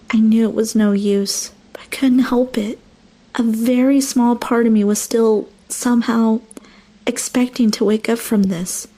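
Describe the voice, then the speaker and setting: Mellow woman narrating a horror story. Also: a little high.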